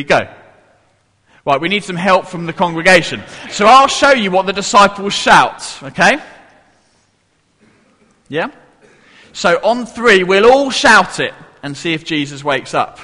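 Lively bright-voiced man leading a children's talk. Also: sits high, measured pace, long pauses, big-room sound. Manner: playful, coaxing the audience to join in. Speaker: church leader giving a children's talk. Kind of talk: interactive children's Bible talk. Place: church hall with a congregation.

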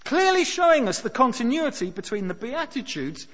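A man preaching a sermon, emphatic, pushing key words up to near shouts. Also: extremely high pitch, big pitch swings, moderate pace. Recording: dull sound with long hall reverb.

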